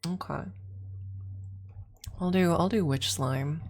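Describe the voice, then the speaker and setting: A woman's voice: deep voice, slow, darkish tone. A woman streamer chatting casually with her chat, rambling and restarting her sentences and laughing often. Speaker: streamer taking chat requests.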